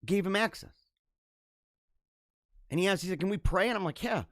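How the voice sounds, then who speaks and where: A man hosting a live stream, telling a story in a casual, rambling way, with many restarts and bursts of excitement. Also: sits high, moderate pace, dry recording, studio quality. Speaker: livestream host.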